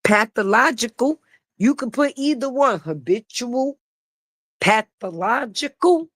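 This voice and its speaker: A woman with a somewhat high voice, talking bluntly and sassily through a livestream commentary, swearing freely and laughing a lot. The sound is close and dry, with no room echo. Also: lively intonation, slow pace. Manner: blunt, sassy and profane, with frequent laughter. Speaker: online commentator. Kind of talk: casual gossip commentary on a livestream.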